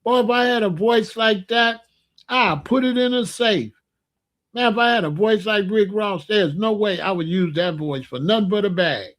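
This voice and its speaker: A man's voice: sits high, moderate pace, a bit bright. A young man giving a ranting commentary, incredulous and exasperated as he scolds and asks questions.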